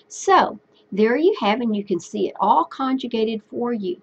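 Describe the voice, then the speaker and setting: A woman teaching a recorded Spanish lesson, patiently explaining step by step and repeating phrases slowly. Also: high-pitched, lo-fi sound, slight background noise.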